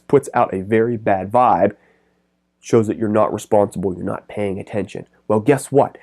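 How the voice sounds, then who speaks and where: Energetic man giving pet business advice. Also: on the low side. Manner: energetic, rambling, quick bursts. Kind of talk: direct-to-camera business advice.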